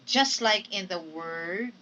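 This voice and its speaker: A woman teacher giving a recorded phonetics lecture, speaking deliberately and often checking in with her students. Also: lowish voice, bright, forceful tone, distant mic, slight background noise, poor audio. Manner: slow, deliberate, checks in with "okay?". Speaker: English teacher.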